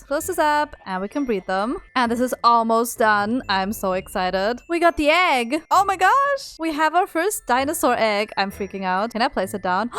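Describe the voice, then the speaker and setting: A woman narrating a gameplay vlog, excitable and gushing, swinging between casual chatter and delighted squeals. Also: fairly high pitch. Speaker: gaming YouTuber. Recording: faint background music.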